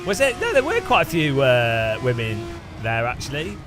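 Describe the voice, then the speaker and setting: A man's voice: mid-range voice, wildly swooping pitch, moderate pace. A British man streaming a sim race, chatting with his viewers in a joking tone and laughing often. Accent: British English. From Britain. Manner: joking, laughs often, greets chat by name. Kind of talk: casual live-stream chat while sim racing.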